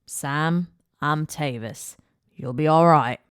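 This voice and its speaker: A woman voicing a calm, protective man with an Australian accent, steady and reassuring, in an audiobook. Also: fairly high pitch, takes it slowly, clean tone, no room sound, clean studio sound.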